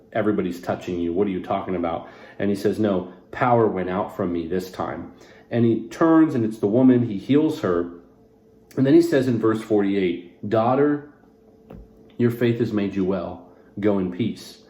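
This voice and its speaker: A man's voice: on the low side, dark tone, reverberant. A man serving as pastor, teaching a short devotional on a Bible passage, earnest and conversational, putting scripture into casual everyday words.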